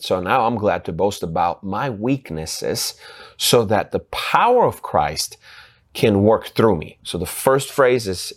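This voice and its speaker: Male preacher, mid-range voice, stop-start delivery full of repeated words, builds to fervent emphasis. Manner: halting, with many restarts and fillers, growing emphatic and rising in pitch. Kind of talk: sermon.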